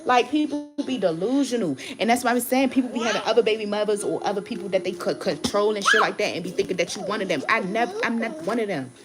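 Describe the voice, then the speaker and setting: A woman's voice: medium pitch, fast talker, hardly any pauses. A woman, a tarot reader hosting her channel, rants to her viewers in a blunt, heated way, swearing often and repeating herself. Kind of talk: casual ranting vlog.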